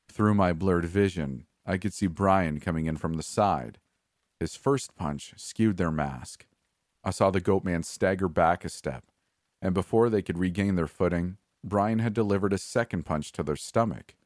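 Man, deep voice, dry close sound, steady first-person story narration. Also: dry recording.

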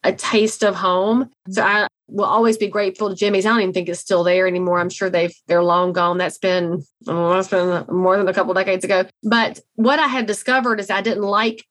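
A middle-aged woman with a Southern drawl tells stories as a guest on an interview show. She is blunt and folksy, often joking at her own expense, and she speaks at an even, mid-range pitch. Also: brisk, few pauses. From American South. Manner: folksy, blunt, self-deprecating humor. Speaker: guest, real estate CEO. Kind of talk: conversational interview storytelling.

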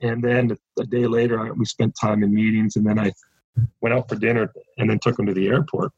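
A man's voice: fairly low pitch, flat delivery, brisk, darkish tone, husky, dry recording, highs cut off. A man from Canada, a ministry founder, telling a story as an interview guest and acting out the quoted dialogue.

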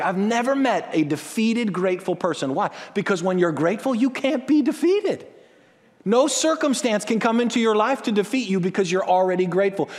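A man with a high-pitched voice preaches a sermon, his words ringing with a long reverb through a large hall. He shifts into acted-out prayers and excited voices as he drives each point home. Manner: animated, acts out quoted prayers and excited voices. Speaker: pastor.

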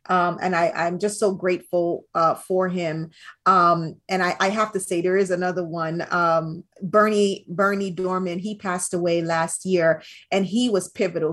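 Husky-voiced woman telling lively stories. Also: on the low side, moderate pace. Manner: animated, expressive storyteller. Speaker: interview guest, brand strategist. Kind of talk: casual interview.

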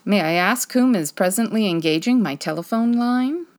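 A woman's voice: medium pitch, lively intonation, normal speed, natural voice. A woman playing a confident, breezy female private detective in 1940s radio style, arch and theatrical.

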